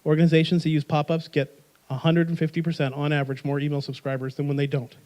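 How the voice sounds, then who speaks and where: A man giving a live marketing workshop, energetic and joking, quizzing the audience with rhetorical questions. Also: on the high side, fast.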